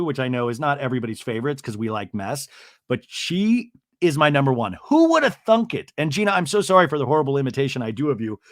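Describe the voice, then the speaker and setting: A man's voice: mid-range voice, no echo, studio quality. A man hosting a podcast, recapping a TV episode in a casual, chatty, comedic way with lots of asides. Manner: animated, chatty, full of "like" and asides. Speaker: podcast host.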